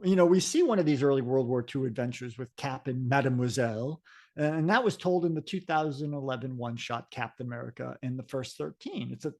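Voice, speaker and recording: A man's voice: medium pitch, a little mellow. A man co-hosting a comics podcast, talking casually and rambling with lots of fillers and restarts. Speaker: podcast co-host.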